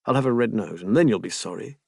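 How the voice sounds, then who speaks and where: A man voicing a witty, emotional young gentleman lover in an audiobook, tearful and teasing. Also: on the low side, lively intonation, fast talker, creaky, slightly rough, no echo, studio quality, full character voice.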